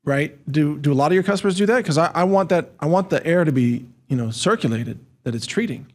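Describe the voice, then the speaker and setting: A man's voice: on the high side, fast talker. A man hosting an interview, thinking aloud and restarting his words as he asks questions. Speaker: interview host. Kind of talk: interview conversation.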